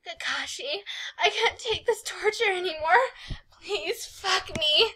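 A woman voicing a young man in a fanfic who begs his lover, read aloud in an exaggerated, breathy pleading way. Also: extremely high pitch, slow pace, pushed and bright, pitched above the performer's own voice, full character voice.

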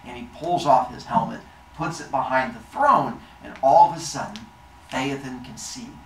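A man telling a myth to children in a lively, playful way. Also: medium pitch, normal speed. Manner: animated, playful. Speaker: storyteller. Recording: echoey room, distant mic, faint noise.

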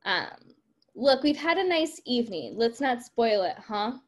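A woman's voice: a little high, very animated, unhurried. A woman reading aloud the lines of a dismissive young man who looks down on serious talk.

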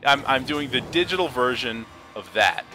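Excitable young man yelping over a card game. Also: moderate pace, faint music behind. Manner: excitable, swings from mumbling to high-pitched yelps, laughs often, swears. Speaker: gaming video host. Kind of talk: casual gameplay commentary.

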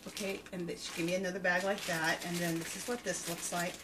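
A woman's voice: fairly low pitch, level tone, fast talker, background noise. Gushing woman host showing off yarn. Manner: gushing, enthusiastic, full of filler words. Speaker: fiber-craft podcast host. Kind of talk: casual show-and-tell chat to viewers.

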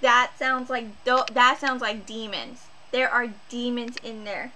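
A woman's voice: fairly high pitch, steady tone, a little slow, background noise. A woman streamer reacting to a horror game, jumpy and exclaiming, talking to herself as she plays. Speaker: gaming streamer. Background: game music.

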